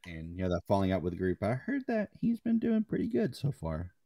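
A man's voice: low-pitched, huge pitch swings, brisk, vocal fry, dark tone, no echo, clean studio sound. A young man co-hosting a podcast in laid-back casual chat, swearing casually and laughing often. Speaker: podcast co-host.

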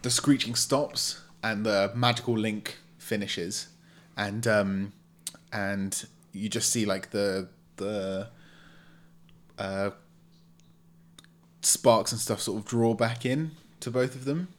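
A man narrating as game master of a tabletop game, halting and hesitant as he describes the action. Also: fairly low pitch, fairly even intonation. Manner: halting, many fillers and restarts.

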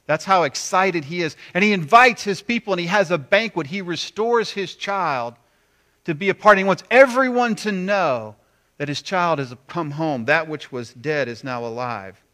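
A man preaching a sermon, animated, acting out quoted voices with big swings between loud and quiet. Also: high voice, normal speed. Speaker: pastor.

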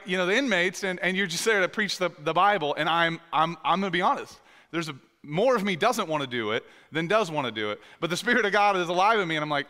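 A man's voice: sits high, pushed and bright. A male pastor preaching a sermon, telling stories with lots of quoted dialogue and restarts. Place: church sanctuary. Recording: long church hall reverb.

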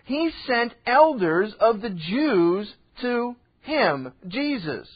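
A man's voice: extremely high pitch, sing-song, takes it slowly, few pauses, husky, lo-fi sound. A man preaching a sermon as pastor, in a conversational way that acts out the people in the story. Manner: conversational, acts out quoted voices.

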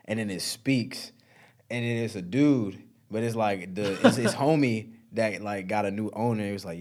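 A man's voice: on the low side, moderate pace, a little mellow. A young man in casual chat with friends, telling a story in laid-back slang.

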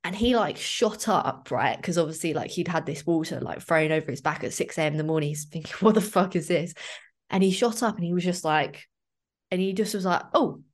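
Woman, podcast host, low voice, rambling casual storyteller. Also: a little fast. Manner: chatty, storytelling with many fillers. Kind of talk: casual chat.

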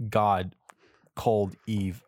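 Lowish voiced guy hyping up his friend on a faith podcast, dry close sound. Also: level tone, very slow, a little mellow, no echo. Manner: encouraging, affirming. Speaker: podcast co-host. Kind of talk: casual faith conversation.

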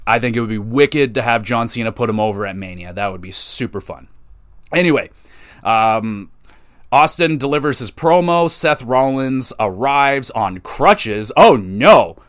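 Recapping wrestling on his podcast, this man is expressive and eager, slipping into quick impressions as he rambles along casually. The mic captures his mid-range, a-bit-bright voice up close and dry, without any room sound.

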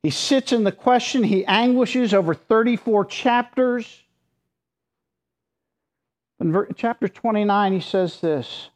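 Pastor preaching, chatty but emphatic, tosses in casual asides, mid pitch. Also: slow, long pauses. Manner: conversational, emphatic, with informal asides. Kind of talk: sermon.

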